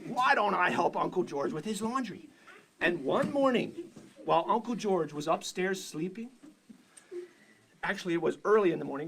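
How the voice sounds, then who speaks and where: A man preaching in a church, telling an animated story and laughing along with it. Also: high voice, a little hiss or hum. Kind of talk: storytelling sermon.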